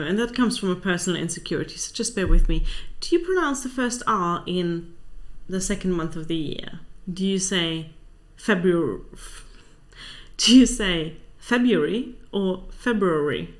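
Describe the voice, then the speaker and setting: Dry-witted woman book vlogger. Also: lowish voice. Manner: wry, dry asides. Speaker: book channel host. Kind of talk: casual chat reading out viewer answers.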